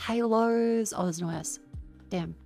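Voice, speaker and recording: A woman streamer, stuffy from a sinus infection, chatting casually on a desk mic in a profane, rambling, excitable way. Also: fairly high pitch, measured pace, creaky, soft background music. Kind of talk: casual gaming stream chat. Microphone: desk microphone.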